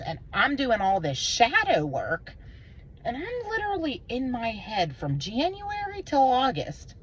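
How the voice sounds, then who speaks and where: A woman vlogging an emotional personal monologue, intense and rambling, swearing and swinging between low and high pitch. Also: huge pitch swings, a little slow, husky, highs cut off.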